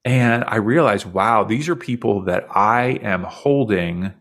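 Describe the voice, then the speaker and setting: Gravelly low-voiced man telling his story. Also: a little slow, fairly bright tone. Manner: earnest, reflective, openly emotional recounting. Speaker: podcast guest. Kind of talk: personal storytelling in conversation.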